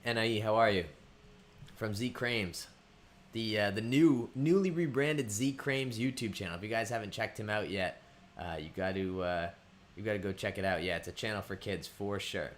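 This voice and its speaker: A man with a fairly low voice hosts a relaxed live stream from home and calls out viewers by name. He rambles along with frequent ums and restarts. A faint hum sits under his desk mic. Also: normal speed. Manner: chatty, greets viewers by name, thinks aloud with ums. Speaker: livestream host. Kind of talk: casual livestream chat.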